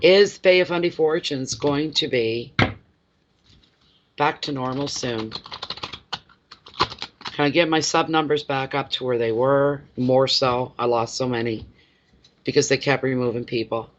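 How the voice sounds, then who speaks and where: A man's voice: medium pitch, a little slow, long pauses, noisy background. Effusive male tarot reader, lo-fi sound. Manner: effusive and emotional, chats with viewers by name. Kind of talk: live-stream tarot reading and chat. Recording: dull lo-fi sound.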